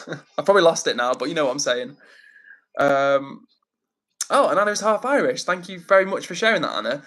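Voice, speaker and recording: A man's voice: fairly high pitch, expressive, fairly quick, fairly bright tone, a little hiss or hum, low-quality recording. A man hosting a casual live stream on his phone, chatting and reading out viewer messages. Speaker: livestream host.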